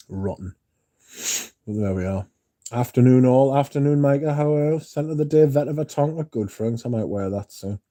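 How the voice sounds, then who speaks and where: A man's voice: mid-range voice, warm tone. A man hosting a casual livestream, rambling through stories and reading out viewer comments to answer them, swearing now and then. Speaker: livestream host.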